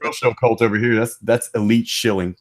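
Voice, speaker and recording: A man's voice: mid-range voice, steady tone, a little fast, a loud crowd. A man co-hosting a live stream, talking in a loose, rambling way and swearing freely. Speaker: stream co-host. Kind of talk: casual profane chat.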